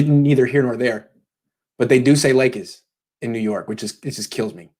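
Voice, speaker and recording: A man's voice: mid-range voice, fairly even intonation, a little fast, darkish tone. A man hosting a casual call-in show from home, talking loosely and joking as he takes callers. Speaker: host.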